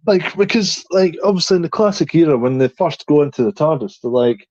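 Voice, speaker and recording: A man's voice: on the high side, lively intonation, brisk, a little mellow, no echo. A man co-hosting a podcast in casual chat, rambling with many restarts and "you know what I mean". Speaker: podcast co-host. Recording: dry, slightly dull sound.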